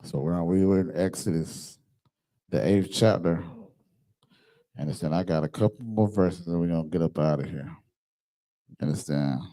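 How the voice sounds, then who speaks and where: A man's voice: low-pitched, moderate pace, pauses often, dark tone. A man, teaching an online class over a computer microphone in an emphatic manner and often checking that his listeners follow. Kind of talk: online scripture class with screen sharing.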